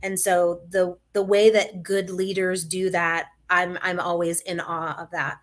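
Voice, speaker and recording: A woman's voice: fairly low pitch, flat delivery, measured pace. Middle-aged woman, ex-principal guest, earnest conversational storyteller. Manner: earnest, storytelling, with small laughs. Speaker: podcast guest, former principal. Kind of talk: casual interview answer.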